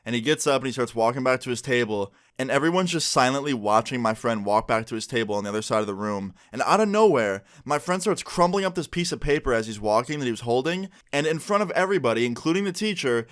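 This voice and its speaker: Young man, storytime vlog, casual, animated, swears freely. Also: mid-range voice. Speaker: YouTuber.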